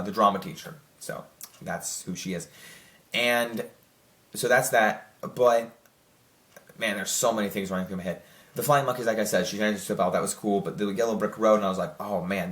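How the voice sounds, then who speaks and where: A young man with a fairly low voice talks through a movie review in a loose, rambling way. He keeps circling back with fillers and restarts. The room around him is bare and echoey. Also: a bit bright. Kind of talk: casual spoken review.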